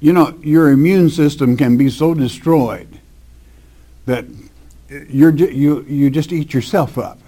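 A man's voice: on the high side, mellow. Man teaching scripture verse by verse. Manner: reads scripture slowly with emphasis, then explains in plain folksy talk. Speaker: Bible teacher.

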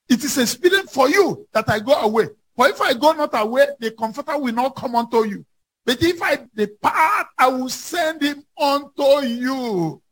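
A man preaching with a very high, gravelly voice that turns husky at the edges. He drives his sermon hard, climbing into shouts as he quotes scripture. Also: low-quality recording.

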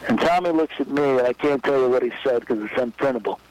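A man's voice: mid-range voice, fast, poor audio. A baseball executive telling an anecdote in an interview, acting out the voices of the people he quotes. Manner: lively storyteller, acts out quoted voices.

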